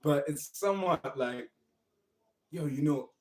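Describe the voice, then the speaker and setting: Brief: young male streamer, encouraging and repetitive, mid-pitched, casual motivational talk. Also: a little slow, low-quality recording. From South Africa. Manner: earnest, encouraging, repetitive phrasing. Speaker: livestream host.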